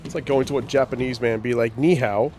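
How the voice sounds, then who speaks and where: A man's voice: mid-range voice, flat delivery, racing, darkish tone. A young man talking casually into a streaming mic while he plays, with a mid-range voice. He tells rambling stories full of swearing and jokes, with a faint hiss in the background. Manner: profane, joking storyteller. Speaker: gaming streamer. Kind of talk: casual livestream chat.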